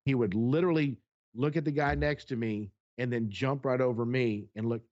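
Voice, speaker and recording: A podcast co-host, a man, tells a heated personal story in a mid-pitched voice. He acts out each exchange with blunt, profane directness. The recording sounds a little dull and lo-fi. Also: steady tone, moderate pace, darkish tone. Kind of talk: casual chat, storytelling.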